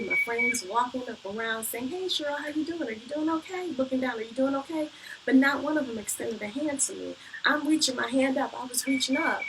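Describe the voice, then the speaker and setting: A woman's voice: on the high side, creaky. A woman telling her personal story in an earnest, reflective way, often repeating phrases, as a motivational speaker. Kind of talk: personal testimony. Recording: distant mic with background noise.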